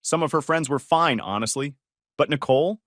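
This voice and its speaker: A man's voice: a little high, moderate pace, fairly bright tone, no echo, studio quality. A man narrating a scripted first-person story in a wry, scornful way.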